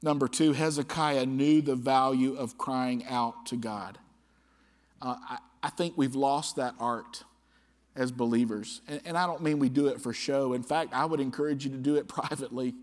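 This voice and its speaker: A man with a mid-range voice preaches a sermon as pastor in a church sanctuary, speaking at normal speed with fairly even intonation. He reads scripture aloud with rising, impassioned emphasis. The church hall gives the recording a long reverb.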